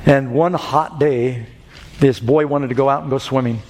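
Male preacher, mid pitch, storytelling sermon, hall reverb, faint music bed. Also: steady tone, moderate pace, a little mellow, slight background noise. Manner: storytelling, rising to urgent pleading. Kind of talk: evangelistic sermon.

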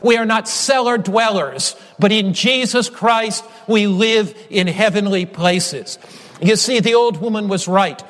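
A male preacher delivering a sermon in a measured, emphatic way, building repeated refrains. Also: sits high, a bit bright. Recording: long hall reverb.

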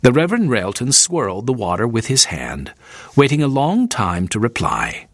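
A male narrator reads an audiobook with clear, even storytelling. His pitch moves in a lively way. The recording is dry and close. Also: normal speed, dry recording.

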